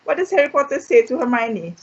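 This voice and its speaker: A woman's voice: high voice, very animated, brisk, breathy edge. A Malaysian woman teaching a live online French lesson. She repeats each word and keeps checking in with "okay?", and now and then slips into Malay. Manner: drills words by repeating them, checks in with "okay?". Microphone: streamed live online. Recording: dull lo-fi stream audio.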